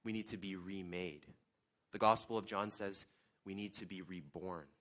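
A man's voice: sits low, steady tone, moderate pace, a bit bright. A man in his thirties, a guest pastor, preaching a sermon in a conversational way with emphatic questions.

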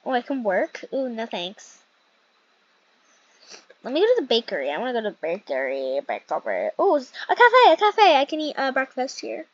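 A woman's voice: fairly high pitch, huge pitch swings, normal speed, no echo. A young woman casually commentating a role-play game in a chatty, rambling way, often correcting herself. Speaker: gaming channel host. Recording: dull lo-fi mic.

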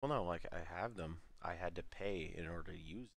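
A man's voice: sits low, brisk, creaky, no echo. A man streaming a game, chatting casually with friends and explaining mechanics offhandedly. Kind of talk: casual gaming chat.

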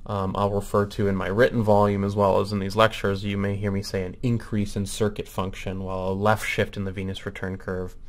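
A man with a low, gravelly voice gives a recorded medical lecture. He explains step by step, pausing on ums and correcting himself mid-phrase. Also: level tone.

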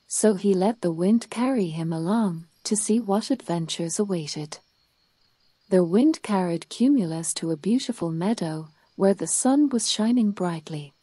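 A woman reading a children's bedtime story aloud in a calm, soothing way. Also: fairly low pitch, dry recording.

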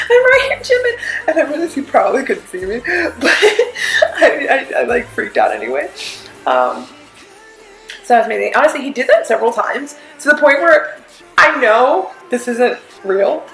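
Gravelly-voiced gushing fangirl woman. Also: fairly high pitch, roomy sound, rough recording. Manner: gushing, excitable fangirl talk full of "like" and swearing. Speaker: vlogger. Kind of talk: casual concert review chat.

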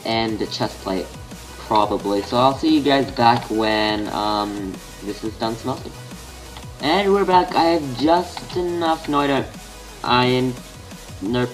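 Lowish-voiced Australian man rambling over gameplay. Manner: rambling, thinks aloud, mutters half-finished sentences to himself. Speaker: gaming channel host. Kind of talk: casual gameplay commentary.

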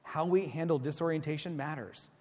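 A man preaching a sermon as pastor, animated and conversational, acting out quoted voices. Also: a little high, brisk. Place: church sanctuary. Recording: long church hall reverb.

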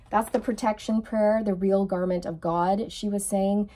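An earnest woman talks through a spiritual reading in a casual, heartfelt way. She sounds emotionally moved and keeps turning to her viewers with little check-ins. Her voice sits at an ordinary middle pitch. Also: steady tone, measured pace, few pauses, warm tone. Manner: earnest, keeps checking in with okay and you guys. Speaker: tarot reader. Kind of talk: casual spiritual channeling chat.

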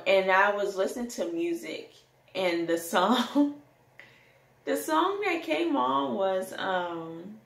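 Woman, young adult, candid rant, slow pace, sings snippets, echoey room. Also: mid-range voice. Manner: animated storytelling, bursts into song. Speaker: vlogger.

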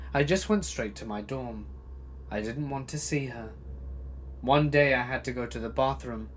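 A man's voice: medium pitch, a little hiss or hum. Dramatic man narrating horror stories. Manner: dramatic, swinging between loud bursts and hushed asides. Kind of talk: scripted horror story narration.

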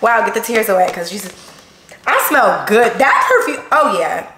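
A woman, chatting excitedly to viewers while unboxing gifts at home, gasping and gushing as she goes. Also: mid-range voice, moderate pace. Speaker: vlogger. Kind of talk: casual unboxing vlog. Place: room at home. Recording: echoey room with background noise.

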